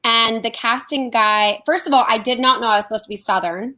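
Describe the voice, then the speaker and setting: An actress telling animated stories about auditions in a casual interview. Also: female voice, a little high, fairly quick, rough recording. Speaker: actress guest.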